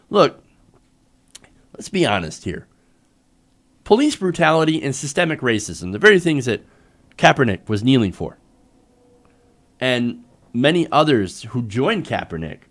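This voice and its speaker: A man's voice: medium pitch, fairly bright tone. A man hosting a live political commentary show, ranting in an exasperated, sarcastic way with frequent profanity.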